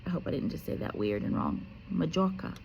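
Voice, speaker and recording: A woman teacher reading a children's book aloud with lively expression and casual, chatty asides. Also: low-pitched, fairly quick, creaky, muffled recording, slight background noise. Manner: animated, casual, self-correcting.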